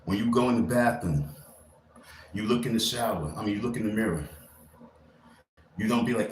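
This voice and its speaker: A man's voice: fairly low pitch, animated, fairly quick, pauses often. Rambling man streaming live in an echoey room. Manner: rambling, pep-talk delivery with loose slang. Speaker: livestreamer. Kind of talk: casual motivational live stream. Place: indoor room. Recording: echoey room with faint ambient noise.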